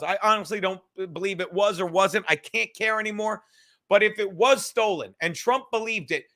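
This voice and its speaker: A man's voice: high-pitched, pushed and bright. A man hosting a podcast, ranting casually with heavy swearing and sarcastic asides. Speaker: podcast host. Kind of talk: casual rant.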